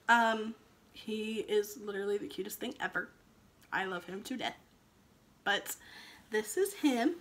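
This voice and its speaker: A woman's voice: a little high, fairly bright tone. A young woman vlogging, chatty and emotional as she retells her labor and delivery, with frequent ums. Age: young adult. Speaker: vlogger, new mother. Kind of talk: casual storytelling vlog.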